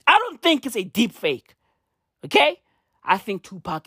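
A woman doing a profane comedic rant, full of slang, swinging from loud outbursts to low mutters. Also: huge pitch swings, a little slow, breathy edge, dry recording, studio quality. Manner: swears constantly, slangy, swings between shouting and muttering.

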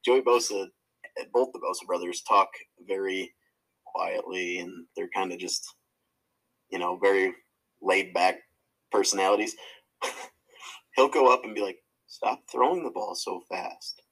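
A man's voice: low-pitched, measured pace, long pauses, fairly bright tone, poor audio. A man co-hosting a podcast, chatting casually about sports, rambling with restarts and laughter. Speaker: podcast co-host.

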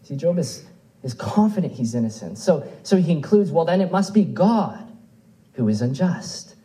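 Earnest male preacher, mellow voice. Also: a little high, big pitch swings, moderate pace, poor audio. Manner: earnest, rising and falling emphasis, quotes scripture aloud. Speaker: pastor. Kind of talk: sermon.

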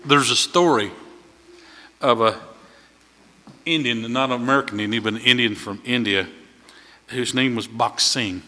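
Preacher guy, bright forceful voice, folksy stories, echoey church hall. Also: mid-range voice, moderate pace, pauses often. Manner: folksy storytelling preacher, swells louder at key points. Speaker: visiting preacher. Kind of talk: sermon. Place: church sanctuary. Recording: long hall reverb.

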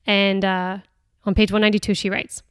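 Woman, podcast host, casual earnest chat, halting with fillers, smooth voice, dry close sound. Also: medium pitch, little pitch movement, no room sound. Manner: hesitant, many restarts and "like" fillers; earnest and chatty. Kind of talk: casual reflective talk on a book.

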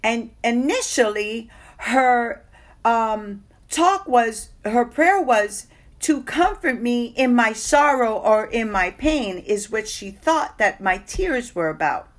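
A woman's voice: on the high side, slow pace. Woman telling an emotional faith testimony. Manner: emotional, expressive storytelling with acted-out quotes. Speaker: testimony speaker.

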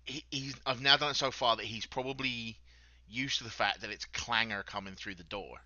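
A man's voice: medium pitch, fairly even intonation, moderate pace, sharp tone, no echo, dull audio. A man playing a tabletop game, plainly describing his character's moves. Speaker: player.

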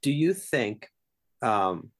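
A man's voice: mid-range voice, big pitch swings, extremely slow, fairly bright tone. A man co-hosting a podcast, talking in an earnest, openly emotional way. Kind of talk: casual podcast chat.

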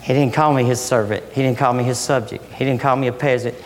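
A middle-aged man preaching a sermon with passion, swinging from loud emphatic lines down to soft, hushed ones. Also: medium pitch, fairly even intonation, fast. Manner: impassioned, rising and falling between loud emphasis and soft near-whispers. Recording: long hall reverb.

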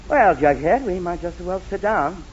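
A man's voice: sits high, full character voice. A man playing a patient, easygoing middle-aged husband in a 1940s radio comedy, soothing and mild. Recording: dull old radio broadcast with faint hiss.

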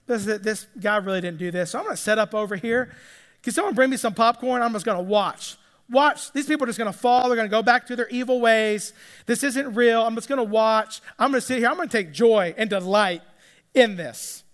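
A man's voice: high voice, fairly quick, fairly bright tone. A pastor acting out a stubborn, self-pitying male prophet, whiny and sarcastic. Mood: sulky. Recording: echoey hall with long reverb.

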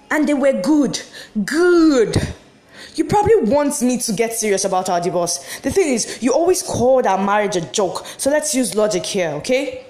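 A woman's voice: on the high side, darkish tone. A woman acting a dramatic monologue as a heartbroken wife who refuses a divorce, swinging between giddy laughter and bitter sarcasm. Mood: defiant. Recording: echoey room.

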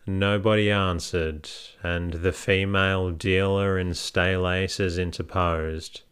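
A man reads a classic novel aloud in scripted narration. His voice is deep and exceptionally clear. He keeps an unhurried, measured pace. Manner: measured, even storytelling. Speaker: audiobook narrator.

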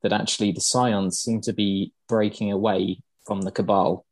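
A podcast host talks through game lore in a relaxed, halting way, full of ums. His voice sits low. It is recorded close, with no room sound. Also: no echo. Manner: rambling with many ums and uhs. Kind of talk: casual chat explaining game lore.

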